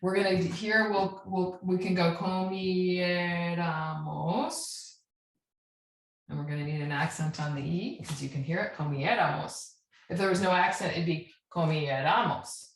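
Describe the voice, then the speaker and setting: Woman, teacher, patient explaining, lowish voice, echoey room. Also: steady tone, unhurried. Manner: patient, checks in with "right?" and spells endings out. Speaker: Spanish teacher. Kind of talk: classroom lesson.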